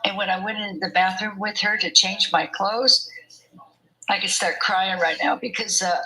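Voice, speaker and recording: A woman's voice: mid-range voice, normal speed, bright, forceful tone, low-quality recording. An older woman telling her story in an interview, chatty and often laughing as she talks. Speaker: interview guest. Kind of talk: conversational storytelling.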